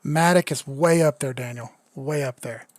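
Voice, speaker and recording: A man's voice: medium pitch, normal speed, a little mellow, dry recording. A young man, a bit drunk, doing casual crypto chart commentary on a live stream, loose, joking and profane. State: tipsy.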